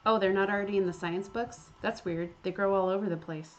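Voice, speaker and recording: A woman's voice: mid-range voice, steady tone, brisk, muffled recording, slight background noise, natural voice. A woman voicing a plucky, blunt young Irish frontier woman with an Irish accent, breezy and cheeky, in a game.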